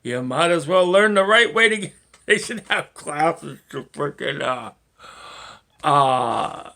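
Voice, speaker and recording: A man talks alone to camera, drifting from point to point with frequent cursing and little laughs. His delivery is unhurried and drawn out, with a bright tone and a pitch that swings widely. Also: animated, creaky. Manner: rambling, profane, chuckling to himself. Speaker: vlogger. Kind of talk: rambling solo monologue.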